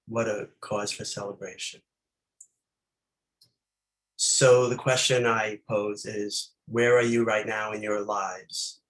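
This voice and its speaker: A man leading a meditation talk, reflective and unhurried, posing many gentle questions with pauses between them. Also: lowish voice, rough recording. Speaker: meditation teacher.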